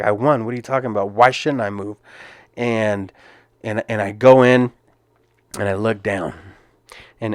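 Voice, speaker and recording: A podcast host who is also an MMA fighter earnestly recounts a fight in a casual way, restarting often and repeating words. His lowish voice is recorded with studio quality and no echo.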